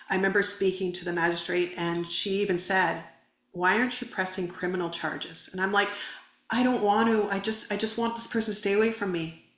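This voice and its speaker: A woman's voice: lowish voice, fairly bright tone. A woman guest on a podcast, earnestly retelling a personal story and acting out the dialogue. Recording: roomy echo.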